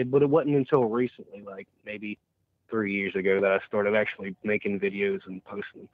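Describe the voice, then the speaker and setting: A man's voice: fairly low pitch, dry recording. A young man being interviewed as a guest, chatting casually in a laid-back way and swearing freely. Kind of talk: casual chat. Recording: tinny phone-like line.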